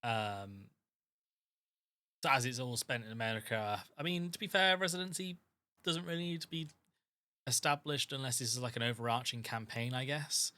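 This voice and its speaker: Bright-voiced man explaining game rules. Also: mid-range voice, steady tone, normal speed. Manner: hesitant, lots of ums. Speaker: game master.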